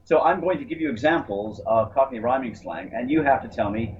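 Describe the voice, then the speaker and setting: A man's voice: medium pitch, a little fast, crowd noise. Dry-witted man on a dull line. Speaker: quizmaster guest. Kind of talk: casual livestream chat. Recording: dull lo-fi call audio.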